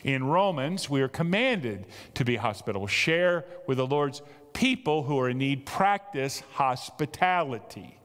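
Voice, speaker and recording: A man preaching a sermon as pastor, talking in an animated, emphatic way that climbs to excited peaks. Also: mid-range voice, measured pace. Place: large church hall. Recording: long church reverb.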